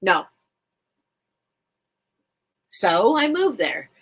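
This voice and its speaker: A woman's voice: medium pitch, big pitch swings, drawn-out words, slightly rough. A woman hosting a live stream, chatting casually and emotionally with viewers, rambling and repeating herself. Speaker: live-stream seller and host.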